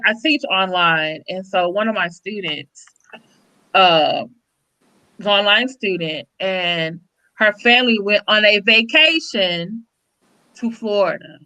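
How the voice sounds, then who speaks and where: Bright, animated woman telling a story. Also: mid-range voice, low-quality recording. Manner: animated storyteller, acts out the voices she quotes. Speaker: co-host, online teacher. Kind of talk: casual live-stream chat.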